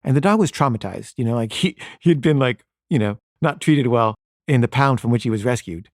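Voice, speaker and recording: A man's voice: mid-range voice, fairly quick, no echo, studio quality. A man telling a personal story in a casual, conversational way, full of fillers. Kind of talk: personal story told to an audience.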